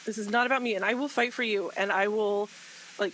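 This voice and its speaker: A woman's voice: medium pitch, steady tone, fairly quick, fairly bright tone, slight background noise, low-quality recording. A woman speaking with passion in a casual group talk, repeating herself and laughing often. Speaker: guest speaker in a live fan discussion.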